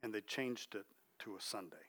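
A middle-aged preacher with a fairly low voice moves briskly through a sermon that feels like conversation. He's chatty, checks in with those listening, and quiets his voice for emphasis.

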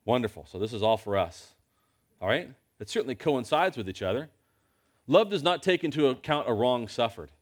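A man's voice: medium pitch, sing-song, brisk. A man preaching a sermon in a church, talking to his congregation in a conversational way with lots of rhetorical questions.

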